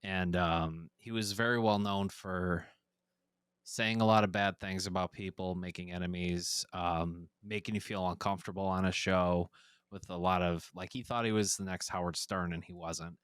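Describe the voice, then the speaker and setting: A man's voice: low-pitched, fairly even intonation, normal speed, a bit bright, smooth, no room sound, clean studio sound. A man guesting on a podcast, telling a story in casual, rambling talk full of fillers and swearing. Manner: rambling, profane, many fillers.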